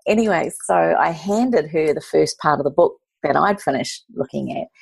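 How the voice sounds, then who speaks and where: A woman in her forties with a low, gravelly, husky voice talks through her story warmly and effusively, with frequent restarts. She sounds close and dry, with no room around her. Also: expressive, normal speed, no echo. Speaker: author and guest. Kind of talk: casual conversational storytelling.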